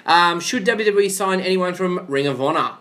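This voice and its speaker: Laughing young Australian host, higher voice. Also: male voice, normal speed, sharp tone, slight background noise. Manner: laughs often, teasing. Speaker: podcast host reading fan questions. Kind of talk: casual wrestling chat.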